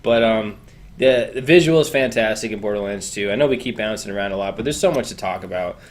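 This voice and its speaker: Low-voiced man chatting about games. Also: fast talker. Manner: relaxed, rambling, lots of "uh" and repeats. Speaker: podcast co-host. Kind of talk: casual gaming podcast chat.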